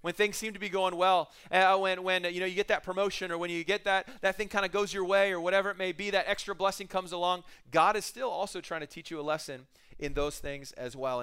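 A man's voice: sits high, fairly even intonation, a little fast, bright, forceful tone, clear, resonant tone. A middle-aged man preaching a casual sermon, retelling the story with jokes and acted-out bits of dialogue. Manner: casual, joking storyteller who acts out scenes. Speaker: pastor.

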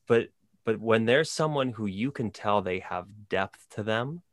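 Low-voiced man, thoughtful podcast host. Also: animated, measured pace, no echo. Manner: thoughtful, uses filler "like". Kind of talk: casual faith conversation.

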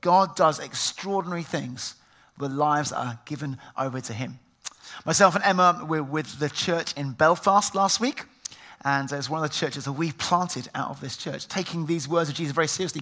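A man's voice: a little high, normal speed, bright, forceful tone. A middle-aged man preaching a sermon, telling stories and acting out the voices of the people in them. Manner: storytelling, acts out quoted voices. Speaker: pastor.

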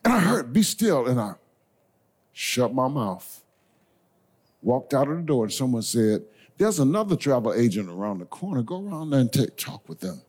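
Man, bishop, sermon, call-and-response, folksy, shouted climaxes, lively pitch. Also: moderate pace, long pauses, slightly rough. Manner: call-and-response preaching, swings from soft asides to shouted climaxes; folksy, addresses the congregation as y'all and baby. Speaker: bishop preaching. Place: church sanctuary before a congregation.

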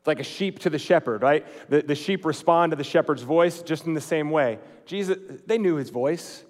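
Man preaching in a reverberant hall. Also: on the high side. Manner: swings between loud emphatic lines and quiet, slow, hushed ones; conversational, with fillers and restarts. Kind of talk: sermon.

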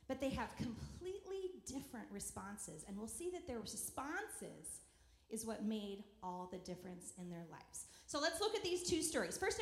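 Lively woman preaching in an echoey hall. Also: high-pitched. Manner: conversational, animated, reads scripture aloud. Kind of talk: sermon with scripture reading.

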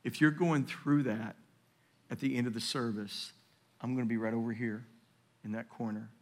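A man in his fifties preaching a sermon in a church, swinging between loud emphatic peaks and hushed, low storytelling. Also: fairly even intonation, moderate pace. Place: church sanctuary.

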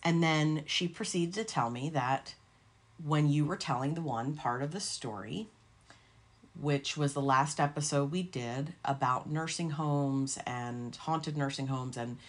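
A woman's voice: deep voice, a little slow. A woman co-hosting a podcast, telling a long story in a rambling, casual way, swearing freely. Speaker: podcast co-host.

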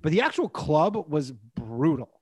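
A man, co-hosting a loose comedy podcast, telling a story with lively, swearing energy. His voice sits a bit high for a man. The recording is close and dry, with no room sound. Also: measured pace, slightly rough, no room sound. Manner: animated storytelling, swears often. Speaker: podcast co-host. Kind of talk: casual comedy podcast chat.

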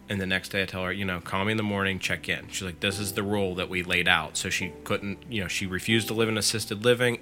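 Sharp-toned and lowish, a man's voice casually relays a scary story on a podcast. He uses lots of fillers, especially "like," and quotes the teller's words.

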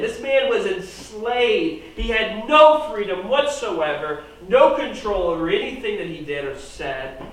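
A man preaching a sermon, animated, swinging his volume up and down for emphasis. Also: sits high, a little hiss or hum. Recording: very echoey room, voice from far off.

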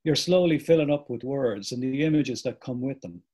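A man reading aloud as a middle-aged father reflecting on lost memory, in a slow, reflective way. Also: medium pitch, lively intonation, dark tone, husky. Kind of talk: reading a book passage aloud.

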